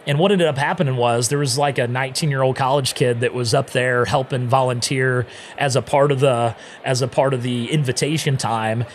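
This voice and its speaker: A man who is a podcast guest, telling his own story in a casual, animated way and often acting out what he once said. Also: mid-range voice, fairly quick, hardly any pauses, slight background noise.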